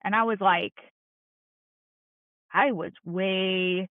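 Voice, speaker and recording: A woman's voice: medium pitch, fairly even intonation, extremely slow, dry recording. Earnest woman on a tinny line. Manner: earnest, encouraging, plain-spoken. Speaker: podcast guest. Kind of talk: candid heartfelt conversation. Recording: tinny phone-like line, dry.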